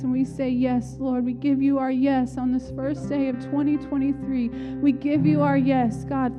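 A woman leading a church service, welcoming the congregation and praying aloud in an earnest, heartfelt way, repeating her phrases. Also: high voice. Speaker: worship leader. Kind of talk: church welcome and spoken prayer. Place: church sanctuary. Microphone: handheld microphone. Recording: slightly dull sound with soft guitar behind. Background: soft guitar music.

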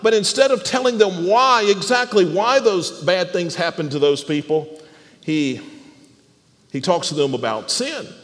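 A man preaching a sermon in an animated way, often repeating words as he restarts a phrase and putting questions to the congregation. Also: high voice, a little slow, in a large hall. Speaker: pastor.

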